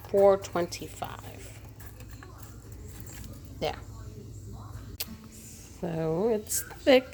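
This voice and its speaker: A woman's voice: on the low side, slight background noise. A woman vlogging in her home kitchen, chatting casually as she talks through each cooking step.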